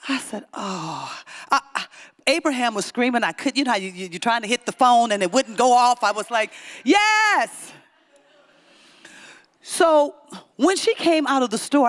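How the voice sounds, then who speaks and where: Animated woman preaching a Sunday talk. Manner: animated storytelling, acting out voices with big pitch swings. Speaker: guest speaker. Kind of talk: Sunday sermon with storytelling.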